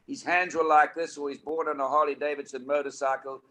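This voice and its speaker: An older man with a South African accent, a guest telling stories on a talk panel in an animated, emphatic way. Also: a little high, a little fast. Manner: animated anecdotes, emphatic and preachy.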